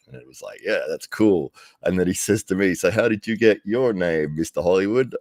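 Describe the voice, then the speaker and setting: Man, middle-aged, extremely deep voice, casual rambling storyteller, frequent chuckles, dry close sound. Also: brisk, a little mellow, no echo. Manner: rambling, chuckles often, livelier when quoting himself. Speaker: arm wrestling commentator.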